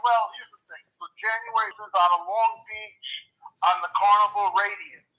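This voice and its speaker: A man calling in as a comedian, telling stories in a rambling, animated way with lots of repeats, heard over a phone line. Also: high voice, normal speed. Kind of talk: phone-in storytelling. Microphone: telephone.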